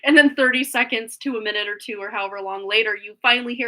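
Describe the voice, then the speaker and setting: A woman's voice: fairly high pitch, fast, hardly any pauses, bright, forceful tone. A woman reading tarot on a live stream, chatting casually in a rambling way with frequent laughs, a little phlegmy after being sick.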